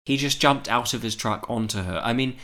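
A man recapping a horror film in casual chat, animated and profane, laughing often. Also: medium pitch, brisk. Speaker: podcast co-host.

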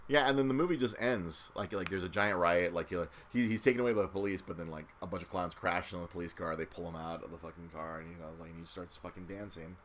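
A man's voice: low voice, fast, few pauses, fairly bright tone, a little hiss or hum. A man in casual chat recapping a movie, swearing freely and acting out quotes in silly voices.

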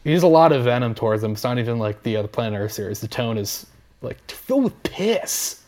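A man co-hosting a podcast in casual chat, joking with deadpan delivery. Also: medium pitch, rapid-fire. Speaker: podcast co-host.

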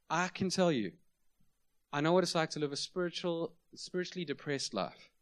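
A middle-aged man preaching a sermon in a conversational, self-deprecating storytelling manner. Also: on the high side. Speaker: pastor.

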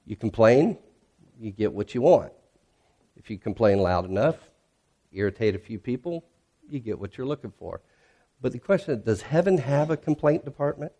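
A man's voice: mid-range voice, animated, moderate pace, pauses often, dark tone. A male pastor preaching a sermon in a conversational way, posing rhetorical questions and reading scripture aloud with rising intensity.

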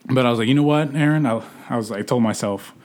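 A young man casually telling a bar story in a relaxed chat, swearing freely. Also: mid-range voice, fast talker. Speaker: podcast co-host telling a story.

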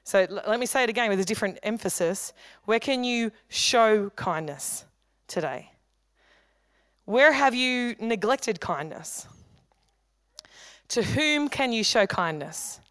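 Woman pastor, smooth clear voice, dry close sound, chatty joking sermon delivery. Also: medium pitch, a bit bright, no echo. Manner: conversational, humorous preaching with quick asides. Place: church hall.

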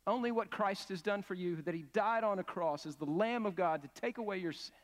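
A man with a slightly higher voice preaches a sermon, earnest and emphatic, and often asks his congregation questions. His voice carries a long reverb tail from a church sanctuary. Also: fairly quick. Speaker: pastor.

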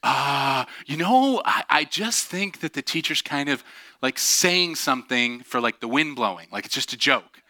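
A gentle parent helper soothing a frightened child in soft, reassuring tones, as a male pastor briefly puts her on. The voice stays close to his everyday speaking voice, just a little hushed. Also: medium pitch, animated, a little slow, no room sound.

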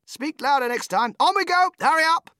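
An actor playing a manic, whimsical man who runs a candy factory, swinging from shouting to whispering. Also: fairly high pitch, wildly swooping pitch, normal speed, breathy edge, dry recording, studio quality, voice pushed up, exaggerated voice. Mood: excited. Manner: bursts of shouting and sudden whispers.

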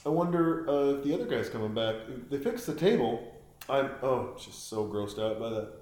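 A man giving rambling, crude, joking commentary while watching a film, with sudden high-pitched exclamations. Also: animated, normal speed, darkish tone, roomy sound. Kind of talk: casual watch-along commentary.

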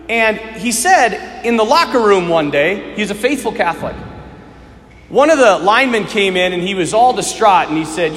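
Man, Catholic priest, sermon, high voice, very expressive pitch, long church reverb. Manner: animated storytelling, swelling to fervent appeals then dropping to hushed questions. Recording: long reverb of a large hall.

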